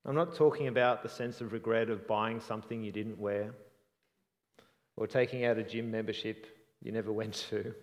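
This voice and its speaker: A man preaching a sermon in an earnest, reflective way, often trailing off softly at the ends of phrases. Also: on the low side, steady tone, moderate pace, long reverb tail.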